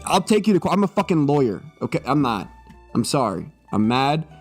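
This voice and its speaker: A man's voice: medium pitch, big pitch swings, brisk, husky, soft background music. A young man streaming live, joking and swearing in a mock-serious monologue, a little tipsy.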